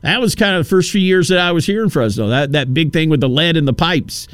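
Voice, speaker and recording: A man rambles through a casual radio monologue, telling stories and slipping into little acted-out quotes. His voice is smooth and resonant, pitched a touch high. The studio sound is close and dry. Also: fast talker, fairly bright tone, no echo. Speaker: radio talk show host.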